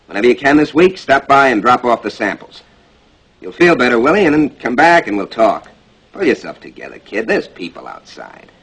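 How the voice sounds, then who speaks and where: An actor playing a brisk, impatient boss who brushes off an old employee. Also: male voice, fairly high pitch, breathy edge, exaggerated voice, rough recording. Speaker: company boss. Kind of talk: film drama acting.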